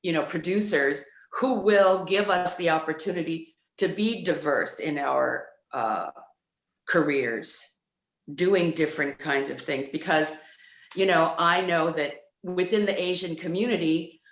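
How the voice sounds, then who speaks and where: A woman's voice: on the low side, measured pace, echoey room. A woman actor answering a press question on a video call, hesitant and thoughtful, laughing between phrases. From United States. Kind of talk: virtual press conference answer.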